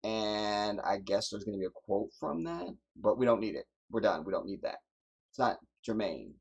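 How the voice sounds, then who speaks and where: A man's voice: on the low side, animated, moderate pace, gravelly, husky, highs cut off. A man hosting a livestream, giving emphatic, preachy commentary and repeating his points for effect. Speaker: livestream host.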